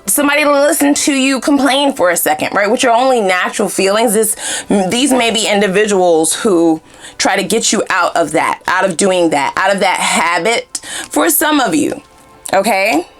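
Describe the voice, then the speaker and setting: Lively, foul-mouthed woman tarot reader. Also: mid-range voice. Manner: blunt, profane and animated. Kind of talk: casual tarot reading.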